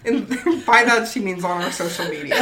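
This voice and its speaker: A woman co-hosting a podcast in casual chat, wry and quick to quip, laughing often. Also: on the high side, wildly swooping pitch. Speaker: podcast co-host. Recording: echoey room, loud crowd behind.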